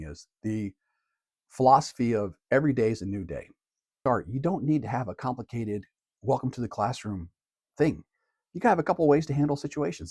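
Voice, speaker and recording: Relaxed male teacher, dry close sound. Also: mid-range voice, husky, dry recording. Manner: relaxed and conversational, plain everyday phrasing. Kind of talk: casual how-to talk to camera.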